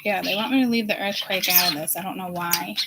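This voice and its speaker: A woman hosting her own psychic channel, talking casually and thinking aloud in slow, halting bits that trail off mid-thought. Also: fairly low pitch, steady tone. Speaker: self-styled psychic channel host. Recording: clear background noise.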